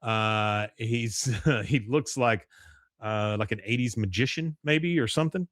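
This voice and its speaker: A man casually recapping a cartoon episode on a podcast. His voice sits at a middle pitch, and his talk is loose and rambling. The sound is dry and close, with no room echo. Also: a little slow, fairly bright tone. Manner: loose, rambling, with frequent uh fillers and crude jokes. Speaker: podcast host.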